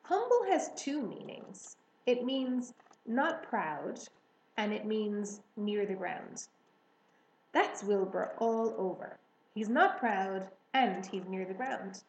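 A woman voicing a wise, caring female spider who speaks calmly and soothingly. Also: mid-range voice, slow. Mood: explaining. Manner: calm, soothing. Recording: roomy echo.

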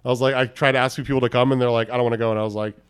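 A man tells a rambling story in relaxed, slangy podcast chat. His voice is smooth and resonant, and he sits at an average pitch for a man. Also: rapid-fire. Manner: laid-back, crude slang, peppers speech with "bro" and "dude". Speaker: podcast guest.

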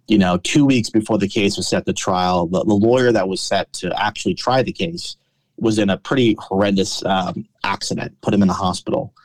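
Low-voiced man telling a courtroom story. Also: dry recording. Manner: animated storyteller, many restarts. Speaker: trial lawyer guest. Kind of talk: storytelling in a conversational interview.

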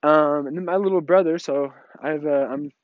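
A man's voice: fairly high pitch, a little fast, no room sound. Rambling young man vlogging, dull dry sound. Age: 20s. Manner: rambling, many fillers and restarts, laughs often. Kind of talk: casual talking-to-camera vlog.

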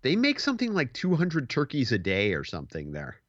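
A man's voice: mid-range voice, a little fast, no echo, highs cut off. A man in his forties, a podcast host, telling a story in casual chat and acting out the quotes. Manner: animated storyteller, acts out quotes.

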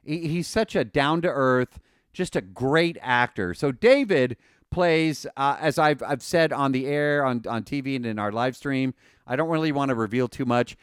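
Excited rambling male podcast host. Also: medium pitch, moderate pace, clean tone, no echo, clean studio sound. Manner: rambling, excited, many fillers and restarts. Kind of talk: casual podcast chat.

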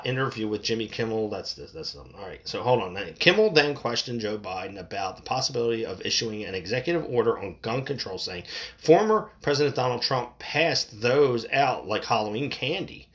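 A man's voice: mid-range voice, fairly bright tone. A man reading news stories aloud and breaking off into angry, profane political rants, often stumbling over his words. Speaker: political commentator.

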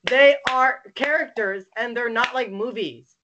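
A young adult on a webcam video call, ranting and swearing constantly, bursting into shouts and cry-like laughter. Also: mid-range voice, unhurried, a little hiss or hum. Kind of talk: casual profane rant.

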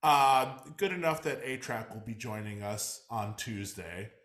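A man's voice: medium pitch, measured pace, a bit bright. A man co-hosting a podcast, chatting loosely, swearing freely and repeating himself. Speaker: podcast co-host. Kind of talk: casual chat.

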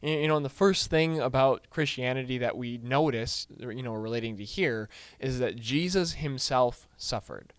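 A man's voice: mid-range voice, moderate pace, hardly any pauses, no echo. A man leading a casual group book discussion, full of fillers and restarts, putting questions to the group.

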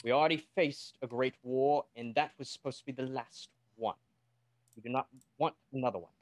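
A man's voice: medium pitch, fairly even intonation, brisk, no echo, close to an everyday voice. A man playing a formal military captain who briefs his recruits in a stiff, polite way. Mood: briefing. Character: brisk male military captain, formal and commanding.

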